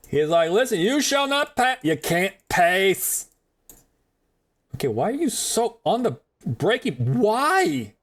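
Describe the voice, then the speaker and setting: A male game streamer chatting through his play in a joking, profane, rambling way. His slightly high voice bounces around a lot in pitch as he talks. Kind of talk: casual gaming commentary.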